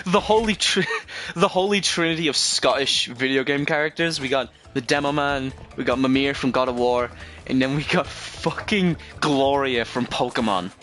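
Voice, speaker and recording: A man's voice: medium pitch, moderate pace, pushed and bright, soft background music. A man streaming a game, rambling through casual commentary with frequent swearing and self-corrections.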